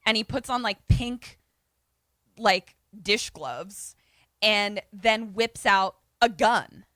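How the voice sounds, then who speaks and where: A young woman co-hosting a podcast, casually recapping a movie in animated fashion, acting out the characters' lines and swearing freely. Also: mid-range voice, slow pace, dry recording, clean studio sound. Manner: animated storytelling with quoted voices, frequent swearing. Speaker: podcast co-host.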